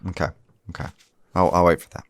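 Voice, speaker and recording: A man's voice: low-pitched, fairly even intonation, quick pace, no room sound, clean studio sound. A man co-hosting a film podcast, chatting casually and dropping wry, laughing asides. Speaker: podcast co-host. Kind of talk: casual film-review chat.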